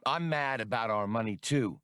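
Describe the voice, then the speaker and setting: A man's voice: mid-range voice, moderate pace, fairly bright tone, smooth, no room sound, clean studio sound, lightly acted. A man doing Han, a wry, clipped starship captain. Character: cocky male starship captain, wry and wary.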